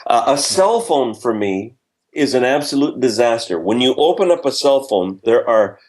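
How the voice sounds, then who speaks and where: Older male speaker, story-driven humor, animated quoted voices, podcast guest. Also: mid-range voice, moderate pace. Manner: self-deprecating humor. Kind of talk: podcast interview.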